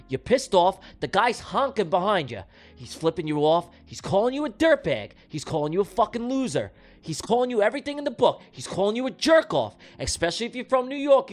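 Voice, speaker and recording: A man hosting a trading livestream who talks straight to his viewers in a profane, animated storytelling way. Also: sits high, fairly quick. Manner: talks directly to the audience. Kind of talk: livestream chat.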